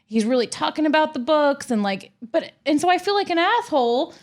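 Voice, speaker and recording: A woman in her thirties co-hosting a podcast, chatting in an animated, sympathetic way about bedtime with her young kids. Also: high-pitched, fairly quick. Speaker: podcast co-host. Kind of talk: casual chat.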